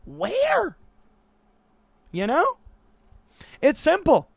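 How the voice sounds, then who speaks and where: A man reading news stories aloud and ranting about them in a profane, animated commentary for his channel, recorded on a desk microphone at home. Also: very high-pitched, extremely slow, gravelly, no echo. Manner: animated, swearing, laughing, ranting. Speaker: political commentary YouTuber. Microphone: new desk microphone.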